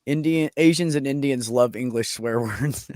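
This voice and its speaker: A man's voice: medium pitch, normal speed, a little mellow, dry recording, clean studio sound. A man in a casual livestream chat who jokes and reacts with playful mock disgust.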